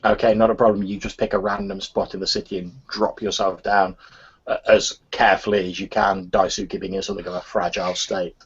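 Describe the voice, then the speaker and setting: A man narrating as game master for a tabletop game over voice chat, relaxed and full of fillers. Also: low-pitched, brisk, husky. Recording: muffled lo-fi voice chat.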